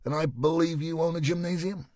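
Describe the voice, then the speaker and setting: A man's voice: fairly high pitch, steady tone, a little fast, darkish tone, dry recording, voice pushed up, close to an everyday voice. A male narrator playing a police sergeant who questions a suspect in a dry, pointed way. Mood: probing.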